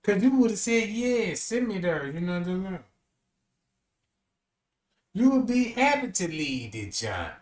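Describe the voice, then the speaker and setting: A man streaming casual commentary, animated and slangy, rambling as he reacts to what he reads. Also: high voice, moderate pace, long pauses, echoey room.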